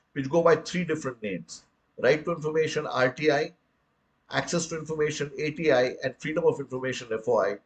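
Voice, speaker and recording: A man's voice: medium pitch, rough recording. An older man from India with an Indian English accent gives an earnest public lecture full of rhetorical questions and addresses his listeners as friends. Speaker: guest speaker.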